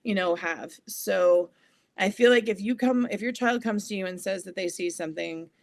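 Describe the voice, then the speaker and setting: A woman's voice: mid-range voice, normal speed, gravelly, no echo. Chatty woman psychic guest. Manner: chatty, many "like" fillers, acts out children's voices. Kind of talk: casual interview chat.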